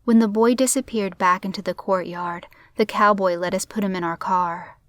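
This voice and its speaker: A woman's voice: medium pitch, fairly even intonation, moderate pace, a bit bright, no echo. Woman narrating a crime story.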